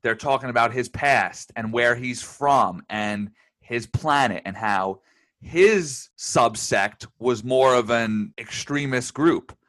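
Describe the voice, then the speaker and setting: A man's voice: medium pitch, slow pace, a bit bright. A man co-hosting a casual review podcast, easygoing and enthusiastic. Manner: easygoing, enthusiastic, laughs often. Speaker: podcast co-host reviewing a TV episode. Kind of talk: casual chat.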